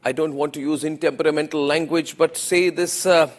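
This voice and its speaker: A man's voice: fairly high pitch, fairly even intonation, brisk, long reverb tail. A man with an Indian English accent, delivering an opinionated TV news monologue as anchor, emphatic and repeating phrases for effect.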